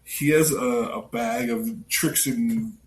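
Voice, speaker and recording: A man co-hosting a casual podcast, animated and laughing often as he retells scenes. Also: medium pitch, takes it slowly. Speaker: podcast co-host. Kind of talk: casual chat. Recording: echoey room, faint hiss.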